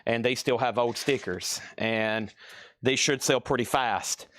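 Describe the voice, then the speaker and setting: A man hosting a live-streamed record sale, chatting quickly through prices and buyer names, a bit out of breath. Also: mid-range voice, fairly even intonation, fairly bright tone, no room sound, clean studio sound.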